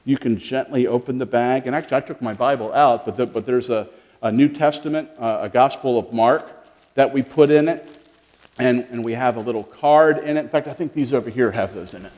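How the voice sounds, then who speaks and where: Friendly male pastor, children's sermon, lively and questioning, in a church. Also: medium pitch, fairly quick, in a large hall. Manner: animated, questioning, talks to children. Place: church sanctuary.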